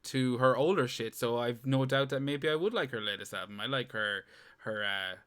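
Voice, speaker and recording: A man's voice: medium pitch, moderate pace, fairly bright tone, clean tone. A young man co-hosting a podcast, rambling, joking and swearing in casual banter. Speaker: podcast co-host.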